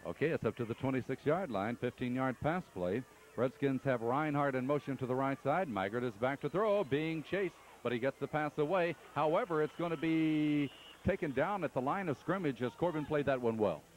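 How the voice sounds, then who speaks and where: Guy calling a football game on the radio, brisk and steady, faint background noise. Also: mid-range voice. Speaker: play-by-play announcer. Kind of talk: radio play-by-play commentary. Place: press box at a football stadium.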